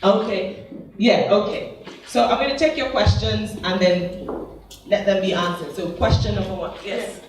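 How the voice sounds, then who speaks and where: A panel chair opening the floor to questions, brisk and keeping to time. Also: medium pitch. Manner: brisk, keeps time, calls on people. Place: university lecture hall. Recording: roomy hall, mic at a distance.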